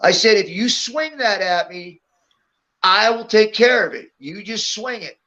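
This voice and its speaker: A man's voice: high voice, lively intonation, measured pace, pushed and bright, dull audio. A middle-aged man, a guest on an interview show, telling stories in a casual way and often laughing as he goes. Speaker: interview guest, former wrestler. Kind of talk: casual storytelling.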